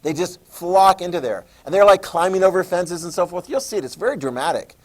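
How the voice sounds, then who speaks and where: A man teaching a history lesson, telling events as a lively story, repeating key terms for note-taking and briefly mimicking leaders in quick voices. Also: high voice. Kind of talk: classroom lecture.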